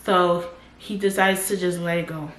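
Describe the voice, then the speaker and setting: A woman's voice: lowish voice, little pitch movement, normal speed. A woman in her twenties telling a personal story as a casual storytime vlogger, talking in loose run-on sentences full of "like". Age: 20s. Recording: roomy echo.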